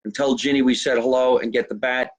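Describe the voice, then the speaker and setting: Casual male host, mid-pitched, joking through fan mail and plugs. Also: steady tone, brisk. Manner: chatty, jokey, reads fan mail and sponsor plugs. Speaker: podcast host. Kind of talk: casual live show chat.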